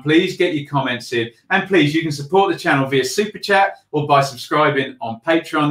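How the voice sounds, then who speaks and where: A man hosting a football channel, giving a passionate, emphatic reaction full of repeats and ums. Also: mid-range voice. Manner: animated, emphatic, repeats phrases, many ums. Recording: echoey room.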